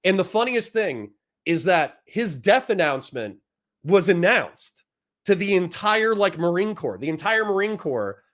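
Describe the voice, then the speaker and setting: Profane, rambling Marine veteran. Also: male voice, sits high, very animated, unhurried, fairly bright tone. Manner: rambling, profane, laughs often. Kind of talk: casual storytelling.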